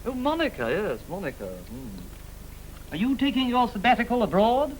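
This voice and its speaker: High, fluttery English lord. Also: male voice, very animated, moderate pace, a little hiss or hum, rough recording. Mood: dim, courtly. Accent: English upper-class. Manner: affected, drawling, prattling. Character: foppish, chatty English lord. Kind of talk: 1930s screwball film comedy.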